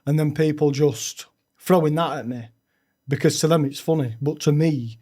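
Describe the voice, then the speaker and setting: A young man, a podcast guest telling his own story frankly, with halting restarts. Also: fairly high pitch, warm tone. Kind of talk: candid personal storytelling.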